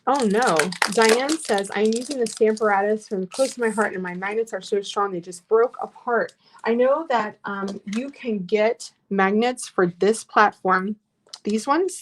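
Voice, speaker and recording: A woman with a medium-pitched voice teaches a live online scrapbooking class, chatty and encouraging, reading viewer comments aloud as she works.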